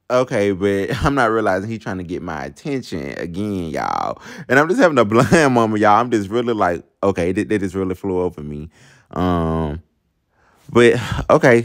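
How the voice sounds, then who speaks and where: A young man telling a personal story in a chatty storytime vlog, talking straight to his viewers. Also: on the low side. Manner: chatty, addresses viewers as y'all, laughs at himself. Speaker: vlogger.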